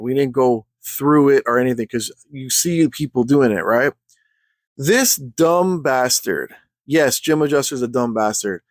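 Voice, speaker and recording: A man telling a story in a casual rant for his vlog, heated and full of slang, clearly fed up. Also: mid-range voice, no room sound. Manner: heated, slangy, exasperated ranting.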